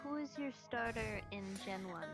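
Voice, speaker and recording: A woman's voice: on the high side, lively intonation, moderate pace, vocal fry, music in the background. A woman in casual roleplay chat, goofy and repeating herself for jokes. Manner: goofy, repetitive jokey talk.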